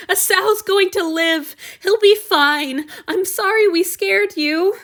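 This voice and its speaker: A woman's voice: very high voice, animated, takes it slowly, pitched above the performer's own voice, full character voice. A woman voicing a frightened, tearful young man who stammers and pleads through his crying.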